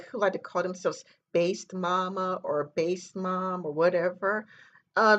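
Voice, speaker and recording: A woman talking straight to camera in a casual opinion monologue, rambling and earnest, with lots of "you know" and "like". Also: mid-range voice. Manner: earnest, lecturing. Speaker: vlogger.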